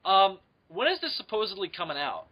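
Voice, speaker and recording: A man's voice: high voice, very animated, brisk, pushed and bright, rough recording. A young man co-hosting a comedy podcast, crude and teasing, joking around and laughing often. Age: young adult. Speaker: podcast co-host. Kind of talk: casual comedy chat.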